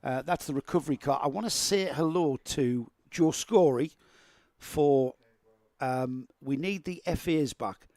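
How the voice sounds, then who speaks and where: A man's voice: a little high, unhurried, a little mellow, dry recording. A man commentating live on karting, chatting with his co-commentator and greeting viewers.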